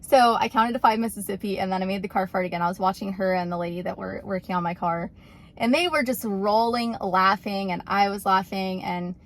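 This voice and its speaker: A chatty woman vlogger recounts a story in a loose, rambling way, peppering her talk with fillers. Her voice sits at an ordinary middle pitch and she sounds amused throughout. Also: brisk. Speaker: YouTuber. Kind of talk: casual storytelling vlog.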